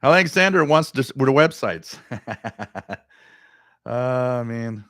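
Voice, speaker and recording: A middle-aged man with a deep voice hosting a radio live stream, chatting casually and reading viewer comments, rambling and repeating words. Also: animated, slow, a bit bright, dry recording, clean studio sound.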